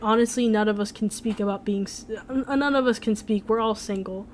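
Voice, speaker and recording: A woman's voice: medium pitch, a little fast, a little hiss or hum, close to an everyday voice. A woman voicing a worried teenage boy who hesitates and trails off.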